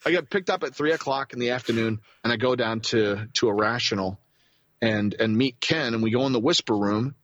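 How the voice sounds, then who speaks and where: Bright-voiced man telling a rambling story. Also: medium pitch, brisk, lo-fi sound, slight background noise. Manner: rambling, animated anecdote-telling with restarts. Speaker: voice actor guest. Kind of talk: casual storytelling interview.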